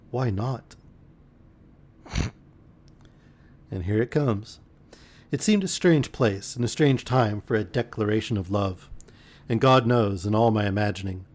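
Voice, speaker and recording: A man reading a novel aloud as a bedtime story on a live stream, expressive, with the odd wry aside. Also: fairly low pitch.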